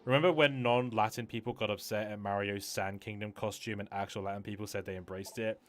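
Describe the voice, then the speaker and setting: A man's voice: fairly low pitch, fairly even intonation, a little fast, fairly bright tone, soft background music. A man hosting a casual gaming stream, rambling with many fillers and restarts and swearing freely. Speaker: streamer host.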